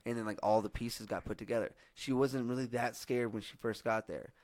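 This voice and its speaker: A hoarse young man hosting a podcast, telling a long story in casual, profane chat with lots of fillers. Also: medium pitch, brisk, no echo. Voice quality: husky. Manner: profane, rambling, animated storytelling with many fillers. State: hoarse from yelling. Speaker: podcast host.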